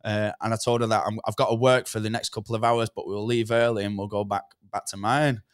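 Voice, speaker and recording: Mancunian man with a smooth voice. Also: fairly low pitch, flat delivery, fast talker, dry recording, studio quality. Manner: rambling, swears, lots of "do you know what I mean". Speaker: podcast guest. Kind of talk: casual storytelling.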